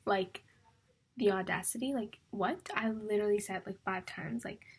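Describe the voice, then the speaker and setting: Speaking at normal speed with a medium-pitched, breathy-edged voice, a young book vlogger chats casually about her reading. She rambles and gets emotional, often whispering, and says "like" constantly among other fillers.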